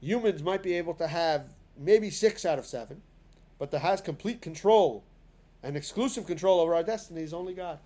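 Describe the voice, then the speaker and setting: A man giving a spoken lesson to a class, with a fairly high voice. He talks in a relaxed, conversational way and often restarts his sentences and fills gaps with small words. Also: a little fast. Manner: conversational, many fillers and restarts. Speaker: teacher of a synagogue class. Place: synagogue classroom.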